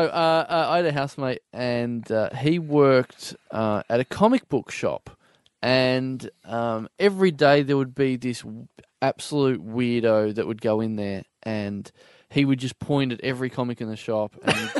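A man's voice: medium pitch, measured pace, hardly any pauses, clean tone, no room sound, studio quality. A man, co-hosting a podcast and telling rambling stories, often laughing. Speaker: podcast co-host. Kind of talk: casual chat, storytelling.

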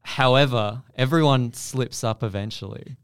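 A man's voice: mid-range voice, normal speed, clean tone. A man presenting a mock-serious investigation segment during casual podcast banter.

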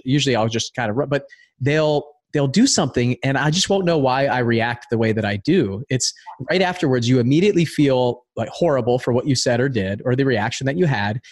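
A man in his thirties hosting a podcast, talking in a relatable way with halting restarts. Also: medium pitch. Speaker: podcast host. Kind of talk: conversational interview.

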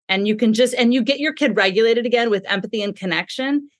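A woman explaining parenting ideas in a calm, thoughtful way in a podcast conversation. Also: a little high, quick pace, few pauses, no echo, clean studio sound. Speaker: parenting expert guest.

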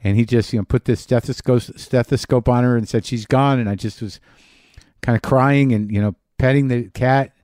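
Middle-aged male host, rambling personal monologue with restarts, warm low timbre. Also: fairly even intonation, no room sound, clean studio sound. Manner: halting, many restarts and fillers. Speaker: podcast host.

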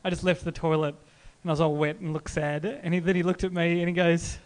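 A man with a noticeably high voice tells a comic story in casual chat. He keeps restarting his sentences and laughs as he goes. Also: level tone, fast talker. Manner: rambling, self-interrupting, laughing through the story. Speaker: comedian guest.

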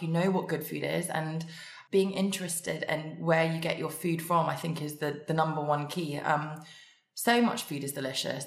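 A woman guest on a podcast, warm and enthusiastic, a little tired and croaky. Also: deep voice. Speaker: podcast guest, cookbook author. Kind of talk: casual interview chat. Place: her home. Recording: roomy echo.

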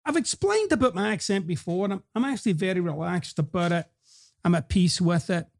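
A gravelly-voiced middle-aged man with a hybrid Scottish-American accent hosts his own podcast. He delivers a motivational monologue in a blunt, profane, emphatic way. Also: high-pitched, lively intonation, fairly quick, darkish tone. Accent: Scottish mixed with American. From Scotland. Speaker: podcast host.

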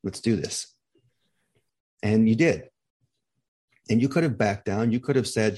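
Gentle low-voiced man, middle-aged. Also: moderate pace, pauses often. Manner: gentle, reflective, encouraging. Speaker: grief coach host. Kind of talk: heartfelt interview conversation.

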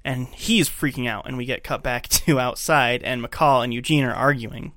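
A man co-hosting a casual podcast, walking through a film scene by scene and doing the characters' dialogue as he goes. His voice sits at an ordinary middle pitch. The recording is dry and close, with no room sound. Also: steady tone, moderate pace, pushed and bright, dry recording. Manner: retells scenes acting out the characters' lines. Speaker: podcast co-host. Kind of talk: casual chat, recapping a movie.

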